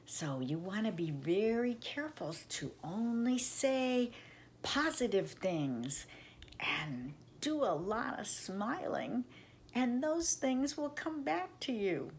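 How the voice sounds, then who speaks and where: An older woman reading a children's story aloud, gentle and affectionate as she speaks to children. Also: a little high, big pitch swings, takes it slowly, a little hiss or hum.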